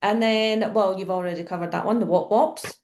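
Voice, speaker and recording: A woman's voice: mid-range voice, fairly even intonation, moderate pace, a little mellow. A woman from Scotland with a Scottish accent, a guest in a casual podcast chat, asking questions and laughing easily.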